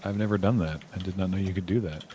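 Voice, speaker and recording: A man with a deep, low-pitched voice chats over a cooperative video game on a stream. He walks viewers through what he is doing as he plays, with a faint hum of room noise behind him. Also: fast, dark tone. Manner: explains the game step by step to viewers. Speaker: stream host. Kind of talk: casual gameplay chat.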